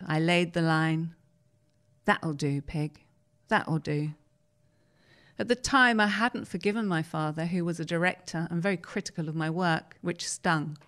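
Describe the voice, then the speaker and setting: A woman host reading a newspaper interview aloud in a measured, storytelling way. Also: lowish voice, fairly bright tone. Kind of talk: reading a magazine article aloud.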